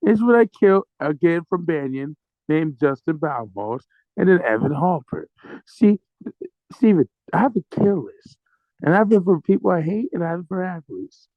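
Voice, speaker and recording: A man co-hosting a casual sports podcast, ranting in mock anger with lots of swearing and slow, drawn-out words. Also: fairly high pitch, expressive, no room sound, narrow, tinny audio. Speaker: podcast co-host.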